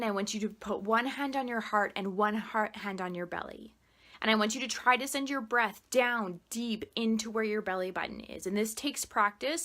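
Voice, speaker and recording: A woman explaining meditation in a casual, gushing way, swearing freely and saying "like" a lot, then dropping soft and quiet to count a guided breathing exercise. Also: mid-range voice. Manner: drops soft and quiet when guiding the breaths. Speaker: meditation teacher.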